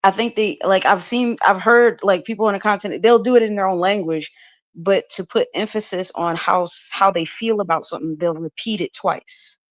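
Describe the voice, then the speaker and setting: A woman's voice: mid-range voice, normal speed. An American woman co-hosting a podcast, chatting casually, full of "like" fillers and restarts and laughing easily. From United States. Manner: talkative, many restarts and "like" fillers, laughs often. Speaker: podcast co-host.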